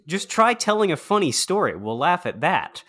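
A man co-hosting a podcast in casual comedic chat, sarcastic and quick to slip into mock voices. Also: fairly high pitch, sing-song, fairly bright tone. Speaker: podcast co-host.

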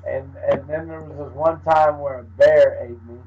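A man's voice: fairly high pitch, fairly even intonation, slight background noise. A man co-hosting a podcast in casual chat, wry and joking as he riffs. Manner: wry, joking, quick to riff. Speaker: podcast co-host. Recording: dull lo-fi audio.

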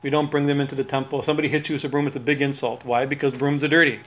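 A man's voice: medium pitch, flat delivery, racing, a bit bright. A man teaching an informal religious talk, rambling with many restarts and a habit of asking "right?". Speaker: spiritual teacher. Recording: dull lo-fi recording.

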